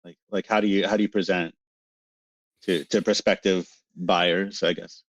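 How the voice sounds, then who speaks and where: A man from Canada, a narrator guest in an interview, talking in an animated, excitable way and laughing often. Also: low voice, normal speed, dull audio. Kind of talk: casual interview chat.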